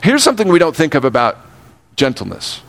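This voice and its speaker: An older man preaching a sermon, earnest, slowing down to stress key words and speeding up for asides. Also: fairly high pitch, wildly swooping pitch, creaky, a bit bright. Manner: earnest, shifts between slow emphatic phrasing and quick asides. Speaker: pastor.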